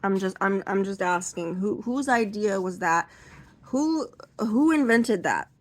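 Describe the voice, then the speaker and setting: Young woman, stand-up comic, rambling, halting restarts, mid pitch. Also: lively intonation. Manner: acts out other people in high, loud voices. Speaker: stand-up comedian. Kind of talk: seated stand-up storytelling.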